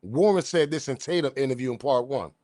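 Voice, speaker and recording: A man hosting casual commentary, blunt and animated, heavy on slang as he talks straight to his viewers. His voice sits at an ordinary pitch, recorded dry and close. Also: fairly quick, no echo. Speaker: commentary host.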